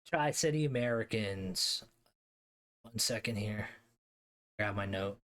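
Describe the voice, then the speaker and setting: A man's voice: on the low side, slow, fairly bright tone. A man with a Philadelphia accent hosting a live stream, ranking hockey league teams in a loose, slangy way, swearing and answering chat aloud. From Philadelphia area, US. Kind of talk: casual live-stream commentary.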